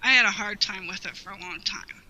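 A woman guest sharing a heartfelt personal memory in an interview, rambling warmly with many "you know"s and close to tears at times. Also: mid-range voice, fairly quick, low-quality recording. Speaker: guest, longtime fan.

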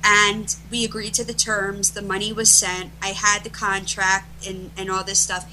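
A middle-aged woman, a guest being interviewed, telling stories emphatically and restarting her phrases as she rushes ahead. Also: medium pitch, little pitch movement, sharp tone, a little hiss or hum, rough recording. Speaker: interview guest, event organizer. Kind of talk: animated storytelling in conversation.

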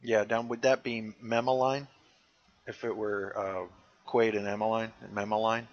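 A man's voice: on the low side, level tone, moderate pace. A man co-hosting a podcast, chatting casually and joking as he recaps scenes of a show. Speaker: podcast co-host. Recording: dull lo-fi recording.

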